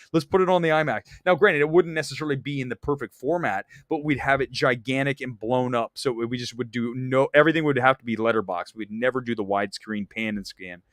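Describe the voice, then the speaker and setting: Man, casual movie-talk host, excitable and cursing, dry close recording, mid-pitched. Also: no room sound. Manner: animated, enthusiastic ranting with swearing. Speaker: show host. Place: Los Angeles area.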